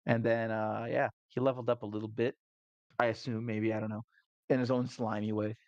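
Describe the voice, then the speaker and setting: A man's voice: lowish voice, little pitch movement, fairly quick, no echo, highs cut off. A man recapping a tabletop game session as game master. He tells it in a casual, laughing way and swears often. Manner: laughing, profane storytelling.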